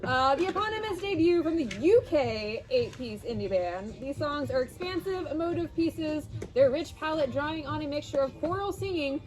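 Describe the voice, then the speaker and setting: A woman's voice: sits high, animated, normal speed, few pauses. A young woman from Ohio co-hosting a casual record-store rundown, reading release blurbs in an upbeat way and laughing easily.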